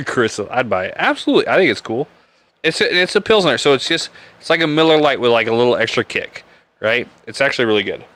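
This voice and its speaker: Talking fast in a mid-range, fairly bright voice, a podcast host from Nebraska keeps his live beer stream very animated. He rambles casually, jokes crudely, and laughs a lot.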